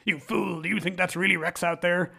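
A man's voice: mid-range voice, fairly even intonation, brisk, fairly bright tone, natural voice. A man voicing a stern, commanding occult expert while retelling a film scene. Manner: stern, urgent.

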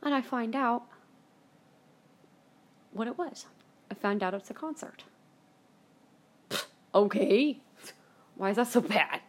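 A woman hosting a show, telling a story from her own life in a casual, rambling way, blunt and quick to swear. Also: on the high side. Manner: chatty and blunt, swears freely; rambling, with many fillers and self-corrections. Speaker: podcast host.

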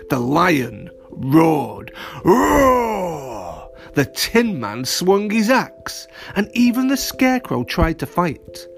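A man narrating a children's story, animated and playful, speaking straight to young listeners. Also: a little high, slow, creaky, few pauses, soft background music.

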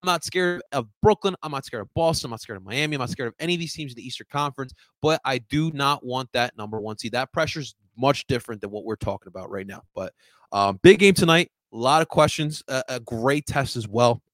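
A young man hosting a livestream sports talk show, excitable and swearing, getting fired up. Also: medium pitch, a little fast, dry recording. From first-generation American.

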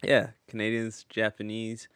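A man's voice: fairly low pitch, completely flat delivery, fairly bright tone, clean tone, no room sound, clean studio sound. A young man in casual, profane, joking conversation, teasing his co-host. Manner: joking, profane, quick to tease. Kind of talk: casual chat.

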